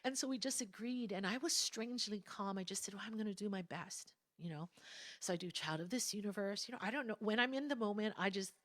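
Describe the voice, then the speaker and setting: Middle-aged woman speaker, earnest personal testimony, soft whispered asides, dry close sound. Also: medium pitch, fairly quick, no echo. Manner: earnest storytelling, drops to soft whispers for quotes. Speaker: guest speaker at a spiritual service. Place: church sanctuary.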